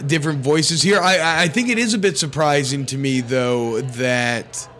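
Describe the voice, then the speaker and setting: A man's voice: fairly high pitch, moderate pace, a bit bright. A man co-hosting a podcast, talking through ideas in a thoughtful, rambling way with frequent restarts. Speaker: podcast co-host. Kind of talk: casual chat.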